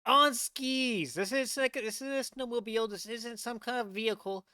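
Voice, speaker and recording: A rambling American man reacting to a video, his voice bright and forceful. He trips over his words, repeats himself and stuffs "like" into every sentence. The sound is close and dry, with no room around him. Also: extremely high pitch, a little fast, clear, resonant tone, dry recording. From United States. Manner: rambling, stammering restarts, heavy use of "like"; incredulous, swearing. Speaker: VTuber reaction host. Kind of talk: casual reaction commentary.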